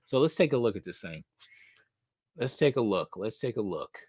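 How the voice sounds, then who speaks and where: A man hosting a casual live stream, thinking aloud, swearing casually and getting excited. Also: fairly low pitch, normal speed, slightly rough, dry recording, clean studio sound. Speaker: host of a comic book live show.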